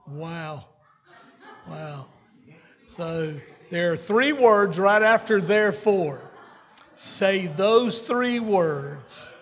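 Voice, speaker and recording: Folksy pastor, high voice, reverberant hall. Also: male voice, expressive, extremely slow. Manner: folksy and conversational, with fillers and asides to the congregation. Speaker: senior pastor. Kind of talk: sermon. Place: church sanctuary. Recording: dull sermon recording with long hall reverb.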